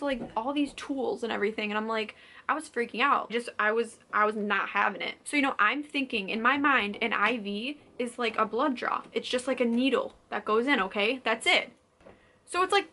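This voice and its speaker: A woman's voice: a little high, sharp tone, a little hiss or hum. A young woman vlogger telling a story casually to camera, chatty and full of "like," acting out what people said. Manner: chatty, says "like" constantly, acts out quotes.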